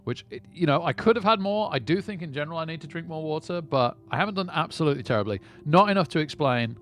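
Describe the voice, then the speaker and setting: Chatty man with lively, animated pitch. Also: quick pace. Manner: rambling, repeats words when starting sentences. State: lightheaded. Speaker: poker streamer. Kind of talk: casual live-stream chat.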